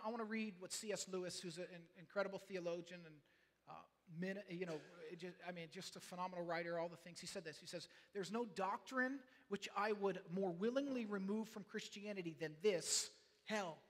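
A man's voice: high voice, fairly quick, in a large hall. A man preaching a sermon as pastor, earnest and pleading, often repeating and restarting his words. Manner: builds from quiet talk to passionate shouting.

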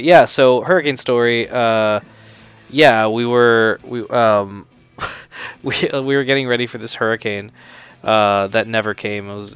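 Hosting a let's play, a man tells stories and reacts to the game, rambling, laughing and swearing often. His voice is on the low side, a bit bright and clean, captured in a dry recording.

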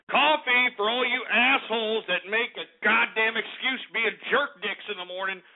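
Profane, ranting talk radio host. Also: male voice, high-pitched, moderate pace. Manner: abrasive, profane, sarcastic. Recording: tinny phone-like lo-fi audio.

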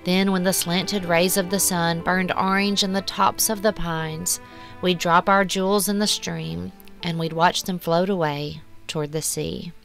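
A woman reading a short story aloud in a measured, hushed, wistful way. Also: lowish voice, steady tone, gravelly. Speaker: story narrator. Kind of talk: scripted storybook narration. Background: soft music.

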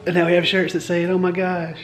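A young man chatting casually in a family vlog at home, often speaking in a hushed voice around his baby and joking. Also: sits high, monotone, quick pace, soft background music. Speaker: vlogger, new father.

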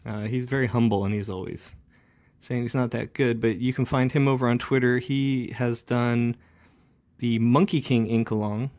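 A man's voice: medium pitch, fairly even intonation, normal speed, darkish tone. A man who inks comics, chatting casually as he demonstrates inking step by step, with frequent fillers. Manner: casual, talks while working, with fillers. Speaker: comic book inker. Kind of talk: relaxed ink-along tutorial narration.

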